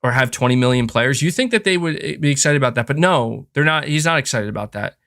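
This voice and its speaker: A man's voice: medium pitch, lively intonation, quick pace, a bit bright. A man hosting a podcast, talking in a casual, frustrated rant with lots of fillers and restarts. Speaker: podcast host. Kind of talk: casual opinionated chat.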